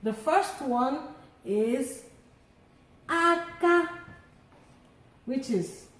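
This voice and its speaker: Slow, deliberate woman teacher in an echoey room. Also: mid-range voice, animated. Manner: drawn-out sung word drills. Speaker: language teacher. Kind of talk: slow tone-marking lesson.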